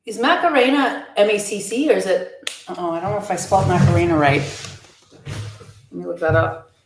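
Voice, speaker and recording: A chatty woman streaming from a room at home, her voice carrying a roomy echo. She talks candidly and replies to viewers in a loose, conversational way, at a middle pitch for a woman. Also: fairly quick, creaky. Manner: candid, chatty, reads and answers viewer comments. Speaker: live streamer. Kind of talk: casual live-stream chat.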